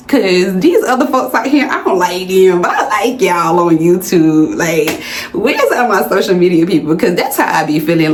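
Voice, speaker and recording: A woman's voice: on the low side, animated, moderate pace, a little hiss or hum. Brief: woman, late 20s, chatty vlogger, echoey room. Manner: chatty, playful, talks straight to viewers. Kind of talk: casual chit-chat vlog. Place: indoors under hot lights. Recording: roomy indoor sound with faint music.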